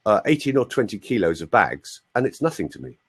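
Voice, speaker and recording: Husky guy coaching voices on a call, pitch all over the place, cracks jokes. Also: very animated, a little fast. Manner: explanatory, demonstrates sounds, jokey asides. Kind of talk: teaching on a group call.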